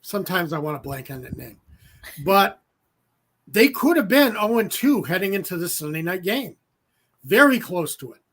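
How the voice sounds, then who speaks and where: A man's voice: high-pitched, very animated, moderate pace, fairly bright tone. A man co-hosting a casual sports podcast, chatty and loose, with lots of fillers and little jokes.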